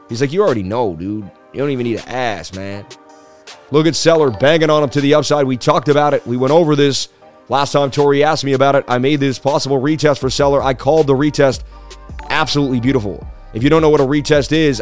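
Hyped, boastful livestream trading host. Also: male voice, medium pitch, darkish tone. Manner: hyped, boastful, talks straight to viewers. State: slightly losing his voice. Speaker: crypto market analysis livestream host. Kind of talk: casual livestream chart analysis.

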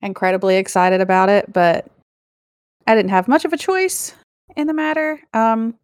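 A woman's voice: medium pitch, normal speed, no echo, studio quality. A young woman co-hosting a podcast, chatting casually and telling a self-deprecating story. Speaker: podcast co-host.

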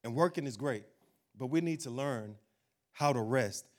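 A man preaching a sermon, emphatic, slowing down to read scripture. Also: mid-range voice. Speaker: pastor.

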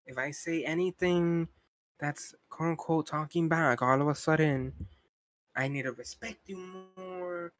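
A man's voice: fairly high pitch, measured pace, fairly bright tone, dry recording. A young man co-hosting a podcast, talking in a casual, frustrated rant full of "like" and asides. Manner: frustrated ranting, heavy use of "like". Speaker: podcast co-host. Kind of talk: casual chat.

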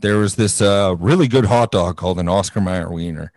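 A man's voice: deep voice, brisk, darkish tone. A man in his late twenties, co-hosting a podcast in casual chat and telling stories about himself with a lot of laughter. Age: 20s. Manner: laughing, self-deprecating storyteller. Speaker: podcast co-host.

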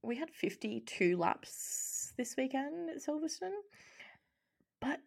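A woman co-hosting a podcast in a playful, casual way, bringing up topics for the chat. Her lowish voice has a gravelly, husky edge, and her pitch swings a lot. She sounds easygoing and animated. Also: takes it slowly. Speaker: podcast co-host.

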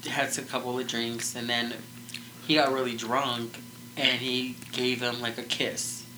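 A man's voice: medium pitch, flat delivery, unhurried, background noise. A man co-hosting a casual true-crime podcast, rambling through the story with lots of "like" and restarts. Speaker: podcast co-host.

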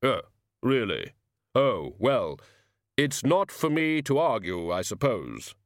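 A man's voice: mid-range voice, big pitch swings, takes it slowly, no room sound, studio quality. A man doing a flustered, stammering shopkeeper. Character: nervous, flustered male shopkeeper.

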